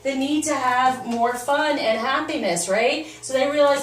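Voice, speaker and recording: A woman's voice: high-pitched, normal speed, hardly any pauses. A woman giving a casual spoken tarot reading as a spiritual coach, upbeat and encouraging. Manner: upbeat, encouraging, animated with laughs and quoted asides. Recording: echoey room, voice a bit far from the mic, faint noise.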